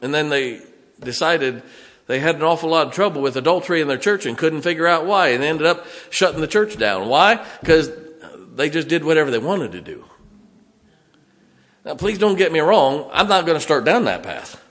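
Long reverb from the church hall surrounds an older man preaching in the sanctuary, his voice a little high and fairly bright with lively intonation at a moderate pace. As pastor, he tells folksy stories in plain words and asks the congregation questions.

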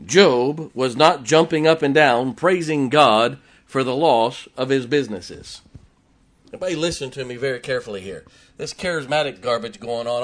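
A man's voice: mid-range voice, moderate pace. A man preaching a sermon, emphatic and repetitive, his voice rising and falling for effect. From West Virginia. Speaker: pastor.

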